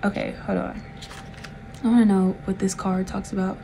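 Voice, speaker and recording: A woman's voice: mid-range voice, flat delivery, normal speed, creaky, mellow, slight background noise, low-quality recording. A woman from the South, giving a chatty, laid-back tarot reading with frequent giggles. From Southern United States. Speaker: tarot reader.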